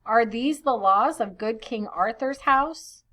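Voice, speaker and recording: A woman's voice: fairly high pitch, slow pace, a bit bright. A woman doing an ancient wife, reproachful. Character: ancient wife pleading with her new husband.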